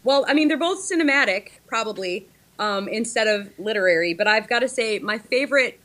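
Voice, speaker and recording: A woman in her thirties, a librarian appearing as a guest over a video call, speaks hesitantly with frequent ums and restarts. Her voice is a little high and a bit bright, expressive and brisk.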